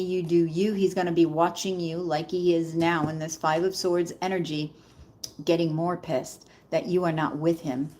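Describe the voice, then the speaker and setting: A woman's voice: low-pitched, a little mellow, a little hiss or hum. A woman giving a casual live tarot reading, chatting directly to viewers and calling them Queen. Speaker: tarot reader.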